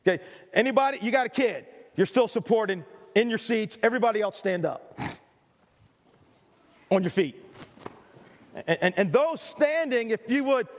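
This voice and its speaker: A man's voice: high-pitched, lively intonation, moderate pace, long pauses. A middle-aged male pastor preaching a sermon, earnest and emphatic, with stammered restarts and repeated phrases. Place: church hall. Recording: reverberant church hall.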